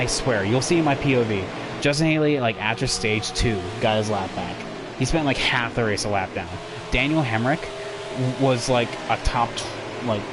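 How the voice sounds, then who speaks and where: A man's voice: fairly low pitch, very noisy. A young man commenting on a racing game replay for his stream, rambling and self-deprecating as he talks to his chat. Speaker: gaming streamer.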